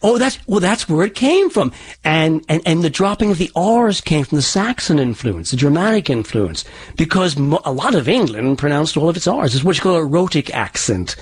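Husky-voiced man explaining accents. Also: a little high, very animated, normal speed. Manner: explaining, with frequent restarts. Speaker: dialect coach. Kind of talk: explanatory interview answers.

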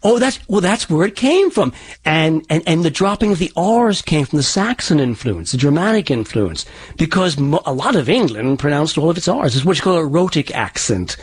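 A man's voice: on the high side, big pitch swings, moderate pace, breathy edge. A man working as a dialect coach, explaining in an interview with frequent restarts. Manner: hesitant, many restarts.

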